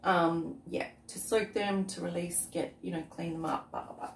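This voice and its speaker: An Australian woman vlogger, sick with a cough, chats while cooking outdoors on a windy day. Her lowish voice has vocal fry, fairly even intonation and normal speed, and she rambles chattily, often trailing off into asides. The recording is roomy and far from the mic, with faint background noise.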